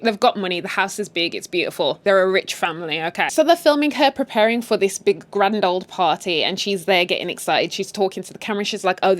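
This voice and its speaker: British woman recapping a show, chatty and blunt, drops into quotes and some swearing. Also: medium pitch. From United Kingdom. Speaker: series recap host. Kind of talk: casual retelling of a drama series.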